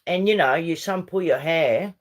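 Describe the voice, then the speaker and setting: A middle-aged Spanish-speaking woman from Uruguay chats casually with livestream viewers, rambling and switching between English and Spanish. Her voice is deep and her speed normal.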